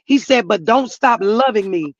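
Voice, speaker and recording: A woman's voice: on the high side, lively intonation, moderate pace, no room sound, muffled recording. A middle-aged woman, a grieving mother, telling her story in an earnest, church-flavored way, sometimes rising to emphatic outbursts. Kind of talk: emotional personal testimony.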